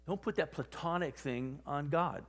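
A man preaching a sermon in a conversational, animated way, often acting out quoted voices. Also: on the high side, normal speed, long reverb tail. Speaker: pastor.

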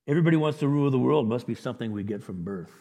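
A man preaching a sermon as a pastor, animated and acting out the voices of the people in the story. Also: medium pitch, very fast. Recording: echoey hall with long reverb.

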